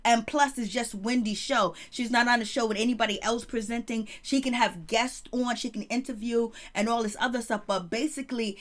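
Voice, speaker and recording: A woman's voice: fairly high pitch, fairly even intonation, fairly quick, hardly any pauses. Sassy, chatty woman gossip host. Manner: chatty, sassy, says "baby" often. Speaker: commentary vlogger. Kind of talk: casual celebrity gossip commentary.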